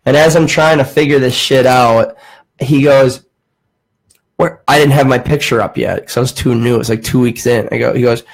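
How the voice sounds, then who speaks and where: Young male podcast host, average pitch, lively casual storyteller who acts out quoted voices. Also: brisk, rough recording.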